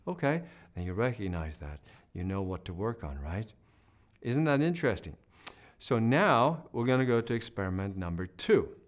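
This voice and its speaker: In a lowish voice, a man teaches a singing lesson, coaching his student and demonstrating vocal sounds and sung notes while offering encouraging talk.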